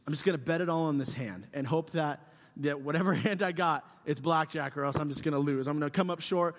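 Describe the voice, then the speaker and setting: A man giving a casual, humorous youth sermon, rambling and joking with lots of fillers. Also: on the high side. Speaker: youth pastor. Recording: long hall reverb.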